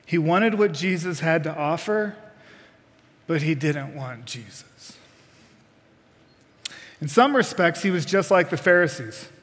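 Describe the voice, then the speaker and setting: A man delivers a sermon in a fairly high voice, pressing the congregation with direct questions and folksy asides. His words ring out with the long reverb of a church sanctuary. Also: lively intonation, unhurried, long pauses, a bit bright. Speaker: preacher.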